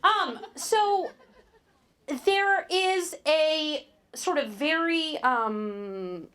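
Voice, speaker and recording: A woman's voice: sits high, lively intonation, very slow, fairly bright tone. A woman giving a live workshop talk in an indoor meeting room, speaking into a handheld mic with a wry, joking delivery.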